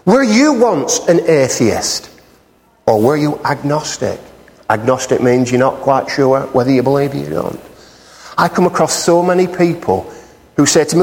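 A man's voice: fairly high pitch, expressive, moderate pace, a little mellow. A man preaching a sermon in a church hall, telling a joke and teasing the congregation playfully. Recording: long hall reverb.

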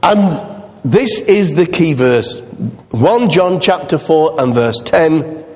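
A man's voice: fairly high pitch, expressive, takes it slowly. A man preaching a chatty, self-deprecating sermon as a visiting preacher, with many restarts. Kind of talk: sermon with anecdotes. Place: church. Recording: long hall reverb.

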